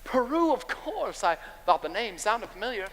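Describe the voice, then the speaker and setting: A man playing a slick, smooth-talking traveling salesman in a stage musical, glib and persuasive. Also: high-pitched, big pitch swings, normal speed. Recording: stage with long hall reverb, faint noise.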